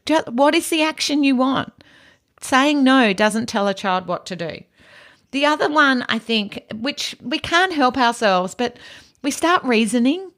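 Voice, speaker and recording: A middle-aged woman hosting an educational podcast, speaking calmly in a low-key, near-monotone delivery. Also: measured pace. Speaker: podcast host and autism educator.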